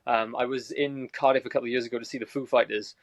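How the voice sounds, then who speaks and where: A man with a Welsh accent from South Wales, a movie reviewer telling energetic stories as a guest on a video call. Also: medium pitch, fast, no echo. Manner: energetic storytelling. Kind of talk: casual chat.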